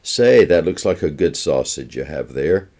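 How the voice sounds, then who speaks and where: A man voicing a serious, gentle minister, reading from a children's storybook. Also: extremely low pitch, sing-song, exaggerated voice. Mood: earnest. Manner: earnest, measured. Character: earnest male Scottish minister, gentle and serious.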